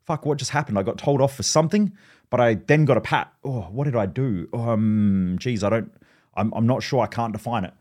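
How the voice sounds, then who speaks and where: A man's voice: fairly quick, a little mellow, close to an everyday voice. A man voicing a pet dog that thinks aloud, puzzled about its rewards. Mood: confused. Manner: puzzled, musing, low-key.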